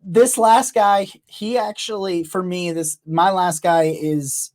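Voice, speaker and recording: A man's voice: high-pitched, steady tone, takes it slowly, crowd noise. A man hosting a casual sports chat over a video call, rambling with many restarts, his audio choppy from a bad connection. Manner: rambling, with frequent restarts and trailing off. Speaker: podcast host.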